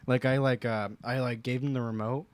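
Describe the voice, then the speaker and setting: A man's voice: medium pitch, steady tone, fairly quick, smooth, no echo. A young man co-hosting a podcast, telling a childhood story in a rambling way with many likes and uhs. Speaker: podcast co-host. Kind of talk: casual chat, storytelling.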